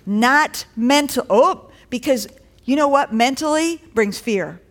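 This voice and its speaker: A woman's voice: high-pitched, expressive, slow, fairly bright tone. Woman preaching conversationally to a congregation. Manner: conversational preaching with rising exhortations. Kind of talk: sermon. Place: church.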